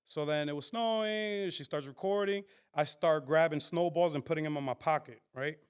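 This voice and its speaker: A man on a podcast as a guest, telling his story in a casual, animated and profane way. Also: fairly high pitch, moderate pace, clear, resonant tone. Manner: animated, profane, full of fillers and quoted dialogue. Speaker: podcast guest, content creator.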